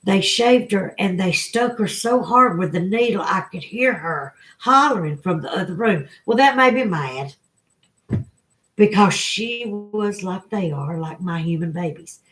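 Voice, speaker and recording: A woman's voice: mid-range voice, lively intonation, a little slow, fairly bright tone. A middle-aged woman with a Southern accent, chatting to her livestream viewers and telling an emotional personal story. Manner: emotional storytelling, tearful at times. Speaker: livestream host. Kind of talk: casual chat to viewers.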